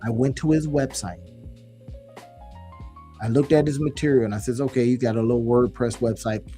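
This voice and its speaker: A man giving a live screen-share tutorial on online business, talking in an animated, folksy way and calling viewers y'all. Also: medium pitch, moderate pace, faint music behind.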